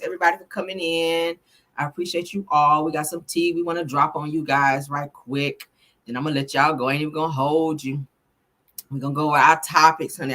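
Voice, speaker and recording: A tipsy woman hosts a live stream in a lowish voice. She chats loosely, swears freely and keeps calling her viewers honey and child, laughing as she goes. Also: a bit bright. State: a little tipsy. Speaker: host of a live gossip stream. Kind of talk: casual live-stream chat.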